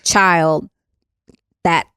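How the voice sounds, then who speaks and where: Fairly low and steady, her voice stretches out words and has a smooth, slightly bright quality. She's a thirty-something podcast co-host who tells stories bluntly and casually, leaning on lots of fillers. The studio recording is clean with no echo.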